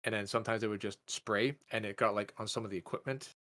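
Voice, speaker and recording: A man's voice: lowish voice, steady tone, fast talker, sharp tone. A man, co-hosting a podcast and telling a story in casual chat, swearing a lot and acting out quotes. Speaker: podcast co-host.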